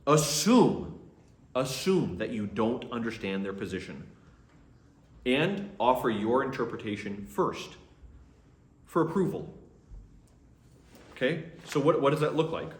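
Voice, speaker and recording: A priest teaches a class in a conversational manner, acting out sample conversations for his students. His mid-range voice is sing-song and measured, broken by long pauses, and the room sounds echoey.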